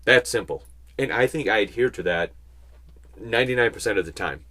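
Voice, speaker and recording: A man giving a casual Bible teaching, chatting with rambling asides and slowing down to stress key points. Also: lowish voice, sharp tone. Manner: conversational, rambling asides, slow emphatic stresses. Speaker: Christian speaker.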